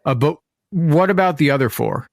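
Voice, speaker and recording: A woman's voice: low-pitched, animated, normal speed, gravelly, no room sound, clean studio sound. A young woman co-hosting a podcast in casual chat, a playful storyteller who acts out the conversations she retells. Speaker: podcast co-host.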